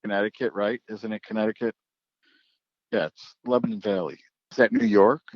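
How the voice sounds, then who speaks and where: A low-pitched man with years behind a track microphone spins a story in a relaxed podcast chat, putting on the voices of the people in it. The recording is dry and a little dull, with no room sound. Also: moderate pace, no room sound. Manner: animated storyteller acting out quoted voices. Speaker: drag racing track announcer.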